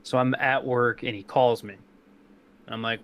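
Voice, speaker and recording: A man's voice: mid-range voice, fairly even intonation, unhurried, fairly bright tone. Young dude cohosting a podcast, just chatting loose, swears a lot, laughs thru his stories. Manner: loose, profane, laughing storyteller. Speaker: podcast co-host. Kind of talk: casual chat.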